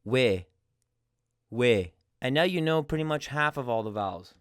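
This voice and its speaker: Smooth-voiced man teaching a lesson. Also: fairly high pitch, expressive, fast, fairly bright tone, no echo, studio quality. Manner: friendly, explains step by step with examples. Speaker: language teacher. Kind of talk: casual explanatory lesson.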